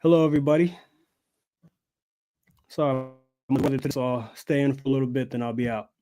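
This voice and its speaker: A man's voice: a little fast, warm tone. A man joining a livestream as a guest, speaking in brief, apologetic casual chat. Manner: brief, apologetic, low-key.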